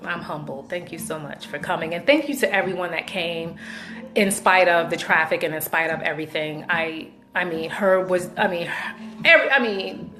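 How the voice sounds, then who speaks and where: A woman's voice: fairly low pitch, moderate pace. A woman hosting her own show, chatting casually and effusively to her viewers. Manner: effusive, chatty, thankful shout-outs. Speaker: show host. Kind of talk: casual video chat.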